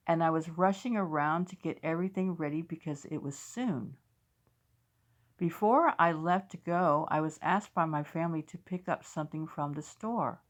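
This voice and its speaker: A woman from the United States hosts a faith channel and chats casually while reading out viewers' dreams, talking straight to her audience. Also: deep voice. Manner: chatty, talks straight to viewers. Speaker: host of a faith video channel.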